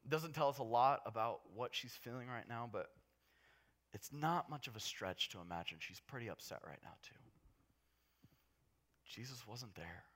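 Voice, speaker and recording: A man preaching a casual, conversational sermon in an animated, jokey way, swinging between hushed and loud. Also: mid-range voice, normal speed, pauses often.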